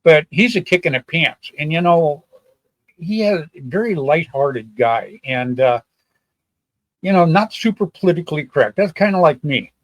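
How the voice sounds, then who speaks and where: A man's voice: a little high, lively intonation, moderate pace, no room sound, rough recording. Folksy older man host, dry close sound. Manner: rambling, folksy, repeats himself. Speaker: show host. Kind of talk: casual live-stream chat.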